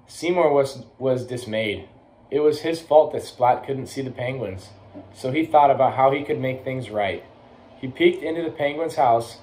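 A young man reading a children's picture book aloud to schoolchildren, lively, with quick voices for the characters. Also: medium pitch, poor audio. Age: young adult. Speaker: college athlete reading aloud.

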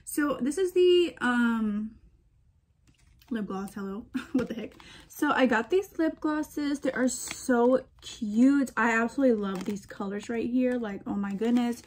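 A young woman vlogger chatting excitedly to her viewers about what she bought, calling them girl and y'all. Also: a little high, a little slow, slight background noise. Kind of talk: casual haul vlog chat.

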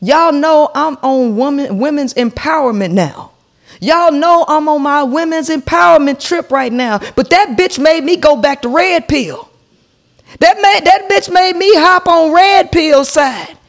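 A woman in her forties rants through a comic story on her podcast, cursing freely and calling out to her listeners. Her voice sits high and has a gravelly edge. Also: a little slow. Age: 40s. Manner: profane, animated, addresses listeners as y'all. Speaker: podcast host.

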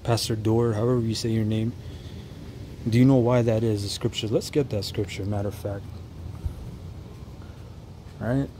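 A man giving reaction commentary on a street preaching clip, stumbling and restarting as he explains, then reading Bible verses slowly and deliberately. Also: on the low side, fairly even intonation, dark tone, a little hiss or hum, low-quality recording.

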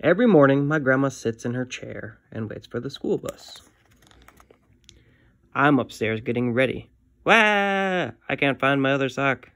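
Male teacher reading a comic to kids, gravelly voice, dry close sound, friendly read-aloud. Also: mid-range voice, normal speed, no echo.

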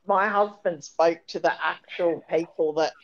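A woman's voice: lowish voice, steady tone, a little slow, noisy background. A woman telling a story in casual chat, rambling and repeating herself. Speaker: guest. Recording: dull lo-fi audio.

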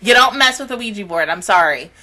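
A young woman giving a casual anime reaction review, chatty, laughing often and squealing high when excited. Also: a little fast.

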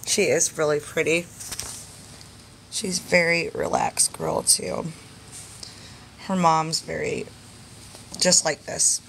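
A woman with a lowish voice talks slowly and softly on a live stream, coaxing her sleepy pets in gentle baby talk. A faint hum sits behind her. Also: vocal fry. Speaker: chinchilla breeder streaming live. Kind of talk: casual live stream talking to pets and viewers.

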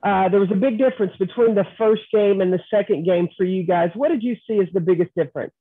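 A woman's voice: mid-range voice, fast, slightly rough, dry recording. Woman reporter over a tinny phone line. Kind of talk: press conference question.

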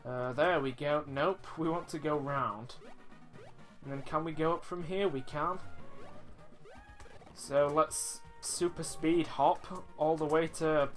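A man's voice: on the high side, slow, pauses often. A man casually commenting as he plays a video game, chatty and self-mocking, reading the game text aloud. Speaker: let's play host. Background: faint game music.

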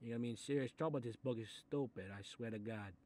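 A man voicing a short-tempered Italian-American mob boss who grumbles, swears and threatens, in a comedic animated role. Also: mid-range voice, fast talker, natural voice. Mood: gruff menacing. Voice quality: gravelly, threatening. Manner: grumbling asides, sudden angry outbursts, swearing. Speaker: mob boss reading a children's book.

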